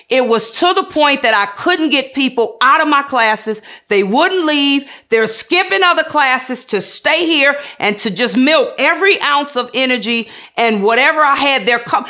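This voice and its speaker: A woman's voice: high-pitched, animated, a little slow, hardly any pauses, pushed and bright. A woman salon business coach giving an earnest, emotional testimony in a documentary interview, with a preacherly rhythm.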